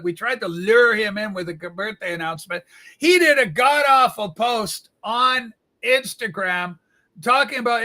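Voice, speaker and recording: A man's voice: extremely high pitch, sharp tone, exaggerated voice. A man playing Rachel, a flamboyant, gossipy woman who fusses and scolds in mock scandal during comedic livestream banter. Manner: campy, chatty, mock-scandalized.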